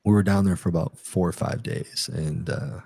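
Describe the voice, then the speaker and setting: A man's voice: deep voice, steady tone, normal speed, vocal fry, warm tone. A middle-aged man, a retired army captain, telling his story in a casual interview, rambling with many fillers and restarts.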